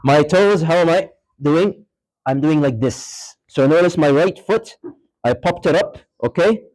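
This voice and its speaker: A man's voice: on the high side, expressive, measured pace, darkish tone, poor audio. A male religious teacher giving an informal class lecture in a mosque, quizzing students and dropping in short Arabic phrases and recitations. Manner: informal, asks the class questions, repeats points. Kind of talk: classroom lecture with live demonstration. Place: mosque hall.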